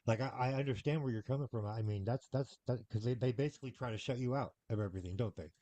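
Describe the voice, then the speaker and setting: A man hosting a casual interview, quick and chatty, agreeing and encouraging his guest. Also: mid-range voice, warm tone.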